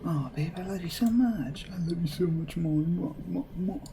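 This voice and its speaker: A man's voice: high voice, normal speed, gravelly, mellow, slight background noise, voice pushed up. A man doing a gushing lovestruck girlfriend. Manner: gushing, cooing, sing-song. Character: clingy lovey-dovey young woman, girlfriend on a train.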